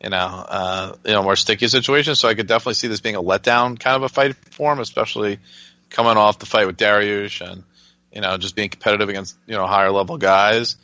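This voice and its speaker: A man's voice: fairly low pitch, fairly even intonation, quick pace, sharp tone, no echo, muffled recording. A man hosting a fight-betting podcast, handing the turn to his co-hosts in casual chat. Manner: runs the segment, hands the turn to others. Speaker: podcast host, moderator.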